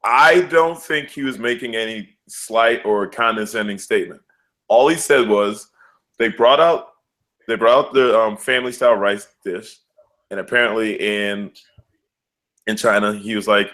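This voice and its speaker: A man's voice: fairly low pitch, moderate pace, a bit bright. This is a man, chatting on a casual podcast. He tells stories in a loose, slangy way and slips into quoted voices for the people in them. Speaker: podcast co-host. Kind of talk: casual sports and news podcast chat.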